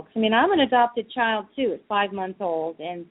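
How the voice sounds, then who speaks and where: A woman's voice: mid-range voice, lively intonation, normal speed. A woman speaking as a guest on a call-in show, earnest and talking in loose runs of thought. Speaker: guest, advocacy group director. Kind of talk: casual call-in chat. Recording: phone-line sound.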